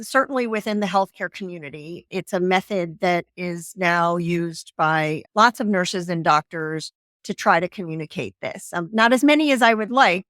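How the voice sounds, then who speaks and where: A middle-aged woman from the northern United States, talking earnestly and in measured phrases as a podcast guest and reading a page of her own book aloud. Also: mid-range voice, fairly bright tone, no room sound, clean studio sound. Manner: earnest, measured, pauses with fillers.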